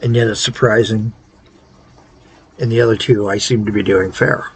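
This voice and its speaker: Tired male host, low-key and halting as he plays, deep-ish gravelly voice. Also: steady tone, poor audio. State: tired, worn out. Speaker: game tutorial host. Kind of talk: casual gameplay tutorial commentary.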